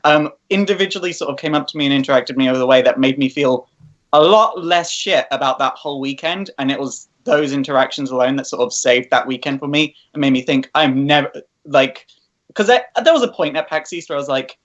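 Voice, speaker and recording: A man's voice: medium pitch, fairly quick, a bit bright, muffled recording. A man, a podcast co-host, speaking earnestly and hesitantly in casual chat. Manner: earnest, hesitant, many fillers.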